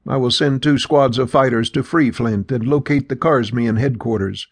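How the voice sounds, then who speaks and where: A deliberate, solemn winged tribal chief, read by a man. The voice is low-set, gravelly and a touch husky, with measured, weighty phrasing, recorded dry and close. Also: no room sound. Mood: commanding.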